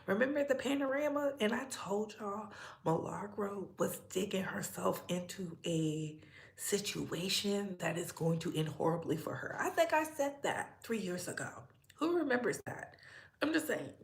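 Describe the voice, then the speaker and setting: A young adult woman with a mid-range voice, lively intonation and vocal fry speaks at an unhurried pace. She hosts a casual gossip livestream, chatty and sassy, greeting viewers by name and laughing often.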